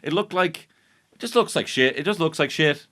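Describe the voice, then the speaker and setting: There's a bright, forceful edge to this Irish podcast host's voice, which runs on the high side and stays animated at a moderate pace. Sitting in a podcast studio, he delivers a sarcastic, sweary recap of a baking show, all mock fury.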